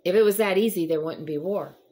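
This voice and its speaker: In a lowish, dark-toned voice that runs a little fast, this devotional chat host talks casually and earnestly, offering encouragement. She tends to ramble a bit, with plenty of fillers.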